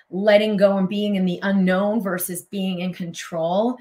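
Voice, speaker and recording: Woman co-host, low-pitched, emotive, effusive and flowing in casual talk. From United States. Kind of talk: casual conversation.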